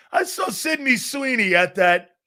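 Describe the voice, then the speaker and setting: A middle-aged man hosting a live sports talk show, reading chat messages aloud, laughing often and arguing back loudly. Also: high voice. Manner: loud, excitable, laughs often, argues with chat.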